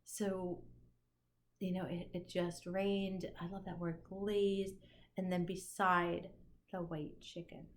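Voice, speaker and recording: A woman's voice: lowish voice, vocal fry. Woman teacher, enthusiastic, musing, lots of fillers, faint background hiss. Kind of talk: recorded lecture for an online class.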